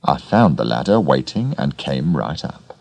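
A grim, heavyset villain voiced by a man in an audiobook, talking in slow, deliberate threats. The voice sits very low with a gravelly edge and a dark tone. The sound is dry and close. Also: big pitch swings, dry recording, full character voice. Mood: menacing. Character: fat, flabby, grim male villain. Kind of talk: audiobook character reading.

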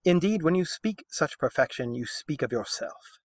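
A man reading aloud the lines of a modest, courteous young knight in polite, measured verse. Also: fairly high pitch, lively intonation, no room sound. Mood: courtly.

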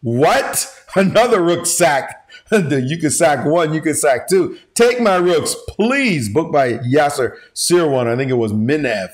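A chess grandmaster giving an animated chess lesson, excitable and slangy, with frequent exclamations. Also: male voice, fairly high pitch, measured pace.

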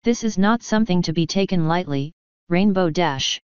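A woman's voice: on the low side, normal speed, smooth, no room sound, lightly acted. A woman voicing a regal, solemn female pony princess who speaks formally. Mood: grave. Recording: dull lo-fi dry recording.

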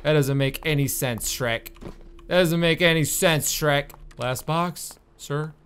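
A man's voice: on the high side, takes it slowly, a little hiss or hum. Exasperated man commentating a game. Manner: exasperated, swearing, loud outbursts. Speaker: gaming YouTuber. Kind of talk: let's-play commentary.

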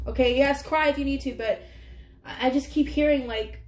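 A woman's voice: sits high, steady tone, normal speed. Emotional woman tarot reader, echoey room. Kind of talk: casual tarot reading to camera.

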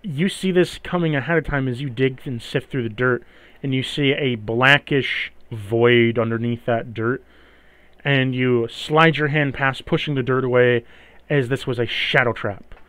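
A young man acting as game master, describing scenes and calling for dice rolls in a relaxed way. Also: medium pitch, unhurried, dry recording. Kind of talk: narrating a tabletop game.

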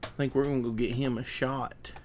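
A man chatting casually and relaxed, teasing and joking. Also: medium pitch, fairly quick. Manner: relaxed, teasing, jokes and speaks to his dog. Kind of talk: casual chat. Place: Texas, USA.

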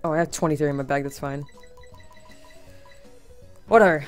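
A woman's voice: deep voice, normal speed. A young woman hosting a casual let's-play, talking sarcastically and swearing a lot, her voice tired and strained. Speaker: gaming channel host. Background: faint game music.

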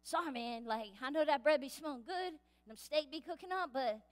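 A woman's voice: sits high, animated, a little fast. A woman preacher voicing an apologetic male servant, talking sheepishly in casual slang, in a church hall.

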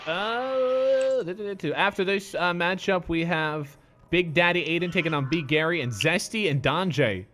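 A male streamer talks loosely and jokes while he plays. His voice sits a bit high, with a faint hum of room noise behind it. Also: moderate pace, sharp tone. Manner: loose, joking. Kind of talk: casual game stream commentary.

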